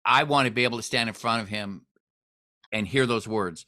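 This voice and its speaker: A man hosting a podcast, chatting casually and telling stories with lively quoted voices. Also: lowish voice, normal speed. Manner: storytelling, animated when quoting others. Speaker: podcast host. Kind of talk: casual interview chat.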